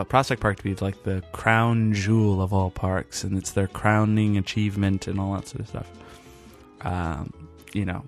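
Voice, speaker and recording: A man hosting a podcast in a casual, rambling way, worn out after a long day and pausing often with fillers. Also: fairly low pitch. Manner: rambling, halting, with frequent fillers. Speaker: podcast host.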